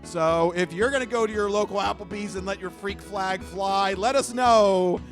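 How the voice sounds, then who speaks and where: High-voiced chatty male podcast host. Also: moderate pace, soft background music. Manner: jokey, chatty, plugs the show. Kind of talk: casual chat.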